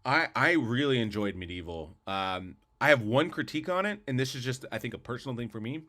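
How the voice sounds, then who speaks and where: A man co-hosts a podcast, delivering casual, opinionated movie-review chat full of rambling, restarts and repeated words. His medium-pitched voice is animated and brisk, with a sharp tone.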